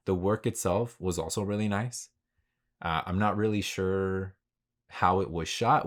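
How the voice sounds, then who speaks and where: A man hosting his own podcast, talking in a laid-back, rambling way with lots of slang and swearing. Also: sits low. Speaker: podcast host. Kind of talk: casual solo podcast monologue.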